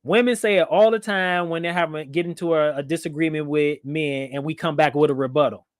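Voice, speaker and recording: This livestream host is a playful man who often laughs while reading viewers' comments aloud in relaxed chat. His slightly high voice moves fairly quickly with fairly even intonation, captured in studio quality with no room sound.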